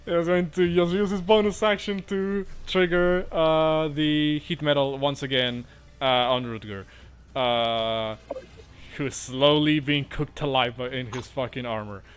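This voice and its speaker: A man's voice: a little high, steady tone, unhurried, smooth. A man running a tabletop game as dungeon master, talking casually with many fillers and swearing often.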